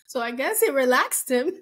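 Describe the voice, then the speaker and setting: A woman co-hosting a casual podcast, recapping a reality show and acting out quotes in lively voices. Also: sits high. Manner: chatty, acts out quotes in animated voices. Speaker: podcast co-host.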